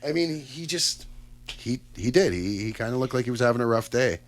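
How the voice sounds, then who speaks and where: Canadian man, radio host, chatty and upbeat, average pitch, casual studio talk. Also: animated, brisk. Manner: chatty, upbeat, lots of fillers and asides.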